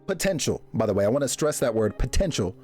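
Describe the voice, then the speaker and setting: A man streaming live, chatting casually with his viewers and reacting to them in a jokey, animated way. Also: racing. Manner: animated, jokey, reacting to chat with big pitch jumps and laughs.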